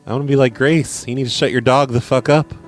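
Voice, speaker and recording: A man hosts a podcast and talks back to his voicemails in a dry, sarcastic way, swearing freely. His voice sits at a middle pitch for a man. Faint music plays under him. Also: fast talker. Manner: sarcastic, crude, deadpan. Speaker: podcast host playing voicemails. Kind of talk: casual profane commentary.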